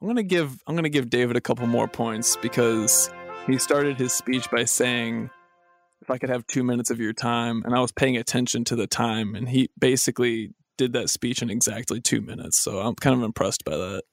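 A man's voice: medium pitch, moderate pace, no echo, soft background music. A man moderating a comedy podcast debate, playful and giggly, drawing out his teasing remarks. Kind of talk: casual comedy podcast chat.

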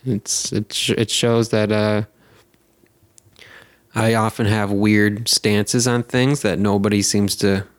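A man's voice: lowish voice, flat delivery, takes it slowly, no room sound. A young American man hosting a podcast, telling stories in a rambling, jokey way and sometimes slipping into silly voices. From United States. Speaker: podcast host. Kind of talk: casual chat.

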